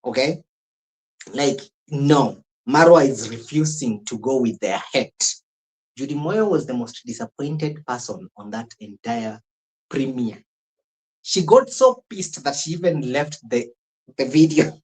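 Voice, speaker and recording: A Kenyan man hosts a casual live reaction stream. He talks in a loose, opinionated way, reacts to clips as they play and greets viewers by name. His voice sits at an ordinary middle pitch. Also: animated, a little slow, darkish tone, rough recording. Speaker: streamer reacting to a reality show.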